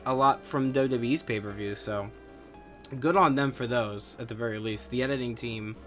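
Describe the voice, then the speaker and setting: A man's voice: mid-range voice, moderate pace, a bit bright, faint music behind. A man hosting a wrestling podcast on his own, ranting in a casual, profane and scornful way with lots of fillers. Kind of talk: casual solo rant.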